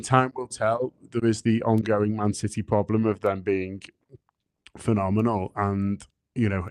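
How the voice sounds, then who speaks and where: A man guest on a football podcast, weighing his words and often restarting his sentences. His voice is fairly low, and the recording is dry and close. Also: a little mellow, no room sound. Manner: thoughtful, hesitant, many restarts. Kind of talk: casual interview answer.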